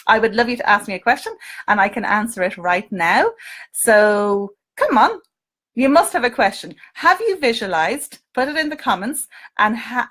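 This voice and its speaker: Irish woman, coach doing a live stream, fairly high voice, lively and coaxing, keeps asking viewers questions. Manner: animated, coaxing, asks viewers questions, frequent "okay?". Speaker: coach and hypnotist.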